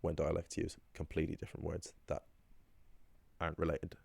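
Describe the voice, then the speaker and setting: A man's voice: very deep voice, completely flat delivery, a little fast, gravelly, darkish tone, slightly rough, no room sound. A man teaching a casual language lesson, chatty and rambling, with frequent ums and restarts.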